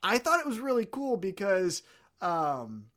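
A man's voice: high voice, wildly swooping pitch, unhurried, a bit bright. A man co-hosting a wrestling podcast, chatting casually and swearing freely, sometimes losing track of names. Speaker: podcast co-host.

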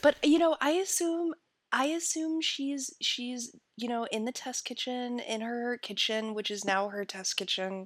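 A woman's voice: a little high, a little slow, fairly bright tone, no echo. Chatty podcast lady, lots of likes and ums, dead dry mic. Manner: chatty, gushing, lots of fillers. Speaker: podcast co-host. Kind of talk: casual chat.

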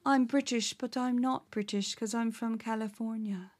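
A woman's voice: a little high, steady tone, moderate pace, darkish tone, natural voice. A woman voicing a meek male grifter journalist who speaks in an affected, lilting, fake British accent. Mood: mock-meek. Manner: meek, mock-earnest.

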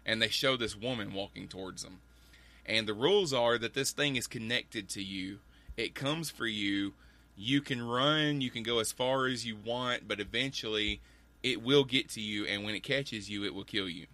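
Low guy, punchy bright voice, laying out a movie plot. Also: gravelly. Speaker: podcast co-host. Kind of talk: casual chat about movies.

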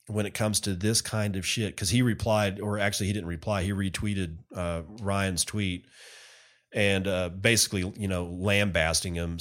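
A man hosting a solo podcast, talking casually and bluntly, ranting and loose with fillers. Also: low-pitched. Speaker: podcast host.

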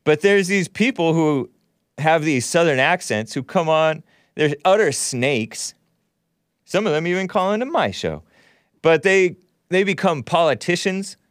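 A man's voice: a little high, dry recording, studio quality. A man hosting a call-in talk show, delivering a combative, sarcastic monologue full of rambling asides.

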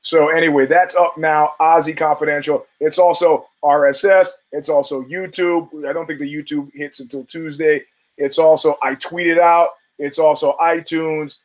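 A man's voice: fairly high pitch, fairly even intonation, moderate pace, low-quality recording. A man hosting his own podcast, talking bluntly with profanity and laughing asides. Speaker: podcast host. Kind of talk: casual podcast monologue. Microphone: camera and studio mic.

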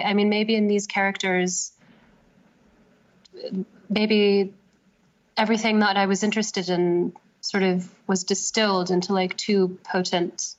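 A woman novelist being interviewed, thinking aloud in a casual, hesitant way with many fillers. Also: mid-range voice. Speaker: novelist guest. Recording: slightly dull lo-fi sound.

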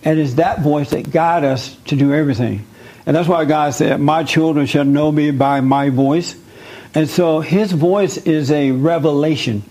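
A man's voice: on the high side, measured pace, a little mellow, low-quality recording. Earnest man teaching a faith group. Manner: earnest, repetitive, coaxing. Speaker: spiritual teacher leading a group. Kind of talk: interactive sermon with audience questions.

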